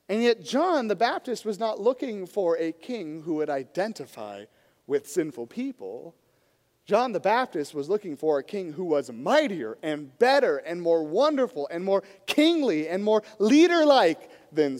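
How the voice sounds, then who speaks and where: A man's voice: high voice, a little mellow, big-room sound. A man preaching a sermon as a pastor, telling a story and acting out the voices in it. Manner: storytelling, acts out quoted voices.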